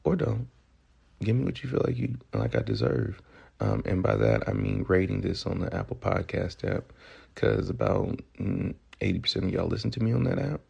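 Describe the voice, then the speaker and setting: A deep, gravelly man with a Southern accent talks through a casual solo podcast. His voice is low and husky, and his manner is loose, joking and profane. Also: sing-song, normal speed, a little mellow, lo-fi sound. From Memphis, Tennessee. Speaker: podcast host.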